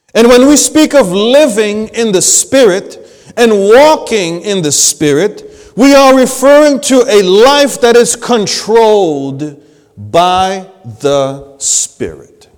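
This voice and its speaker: A male pastor preaching a sermon, swinging between loud emphasis and hushed, low phrases. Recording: long hall reverb.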